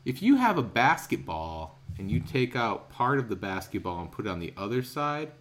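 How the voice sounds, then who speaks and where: A man's voice: medium pitch, big pitch swings, normal speed, a bit bright. A young American man on a podcast, telling a rambling travel story in a casual way, with lots of fillers and laughter. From United States. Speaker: podcast co-host.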